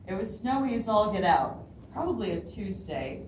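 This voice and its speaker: A woman poet of medium pitch reads her poems at a library in a very animated way, at a moderate pace, laughing nervously and often between lines. The live reading is picked up at a distance in a roomy hall with slight background noise.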